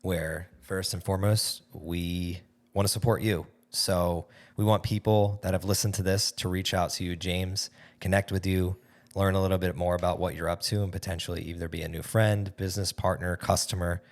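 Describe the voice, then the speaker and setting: Thirties male host, very low voice with fry; relaxed, grateful wrap-up tone. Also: normal speed. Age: 30s. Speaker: podcast host. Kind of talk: casual podcast conversation.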